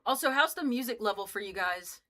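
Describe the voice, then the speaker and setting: Young woman game streamer, bright and forceful tone, loose rambling chatter, cusses freely, talks straight to chat. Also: mid-range voice, lively intonation, brisk. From United States. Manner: rambling, joking, swears freely, chats with viewers. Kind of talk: casual live-stream chat while playing.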